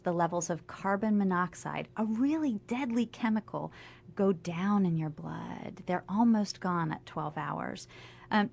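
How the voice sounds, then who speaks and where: A woman, a family doctor, guest on a radio interview, explaining health facts clearly and with enthusiasm. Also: on the low side. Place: radio studio.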